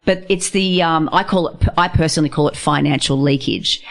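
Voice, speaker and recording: A low-pitched woman with a gravelly texture, talking as a guest in a radio studio. She speaks bluntly and emphatically, pressing her points in a no-nonsense manner. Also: fairly quick. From Australia. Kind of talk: casual radio interview.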